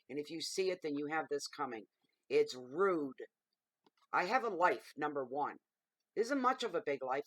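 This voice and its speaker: This is a middle-aged woman hosting her own tarot channel and airing a grievance straight to camera. She talks bluntly and heatedly, swearing without hesitation. The sound is dry and close, with no room echo. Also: low-pitched. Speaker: tarot reader and channel host. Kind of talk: ranting to camera.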